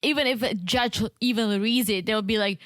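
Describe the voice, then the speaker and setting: Higher-voiced woman chatting on a podcast. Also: moderate pace, a bit bright, dry recording. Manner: playful, jokey, tries out accents. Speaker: podcast co-host. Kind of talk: casual chat.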